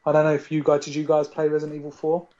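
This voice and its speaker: A man in a casual podcast chat, animated and arguing his points at length, peppered with "you know". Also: a little high, racing. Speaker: podcast co-host. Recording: dull lo-fi sound.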